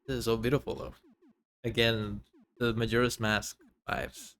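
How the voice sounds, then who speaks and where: A man's voice: mid-range voice, level tone, moderate pace, fairly bright tone. A man streaming a game, muttering to himself, reading options aloud and swearing in surprise. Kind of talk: live game stream commentary.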